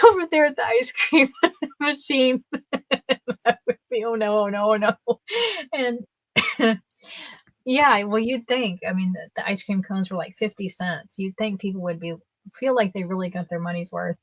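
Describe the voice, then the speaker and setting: A woman's voice: medium pitch, a bit bright, dry recording. A woman in her fifties, a guest on a livestream, telling casual stories in a chatty way and laughing often. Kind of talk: casual storytelling.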